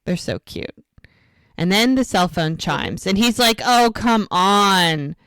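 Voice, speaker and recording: A woman co-hosting a podcast recaps a TV episode casually in a lowish voice at a measured pace. Her retelling is animated, and she acts out the characters' lines; the recording is dry.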